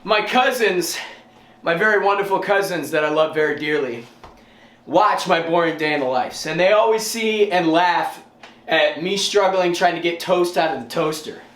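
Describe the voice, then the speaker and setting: A man's voice: a little high, moderate pace, a bit bright. A man casually vlogging his day at home, laid-back and self-mocking, swearing now and then. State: out of breath. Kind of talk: casual vlog talk to camera. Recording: echoey room with faint noise.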